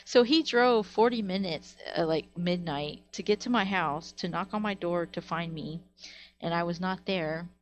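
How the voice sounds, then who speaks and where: Using a webcam or desk mic at home, a woman streamer whose voice sits on the low side tells stories to her live chat at normal speed. The talk is casual and meandering, heavy with filler words, "like" above all.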